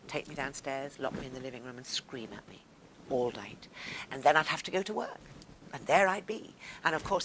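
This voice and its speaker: An older woman telling personal stories expressively to a live audience, acting out the scenes. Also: low-pitched. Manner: expressive, animated, acts out scenes. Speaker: guest speaker on stage. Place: stage before a live audience.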